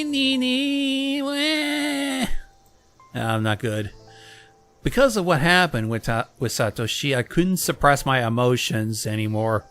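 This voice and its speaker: A man's voice: medium pitch, sharp tone. A man reading a visual novel aloud as a let's play host, swearing and reacting as he goes. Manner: casual, profane, reacts mid-read. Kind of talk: reading a game aloud with commentary.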